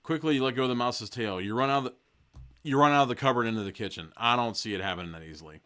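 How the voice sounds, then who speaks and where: A man's voice: mid-range voice, racing, bright, forceful tone. A man hosting a podcast, casually reading a gamebook aloud and breaking off with profane, joking asides. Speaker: podcast host.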